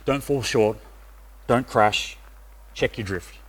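A middle-aged man from Australia giving a sermon, pausing often with "uh" fillers. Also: mid-range voice, breathy edge. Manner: hesitant, many "uh" fillers. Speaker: preacher.

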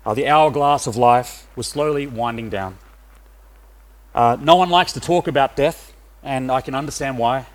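A middle-aged man from Australia giving a sermon, pausing often with "uh" fillers. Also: medium pitch. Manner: hesitant, many "uh" fillers. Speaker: preacher.

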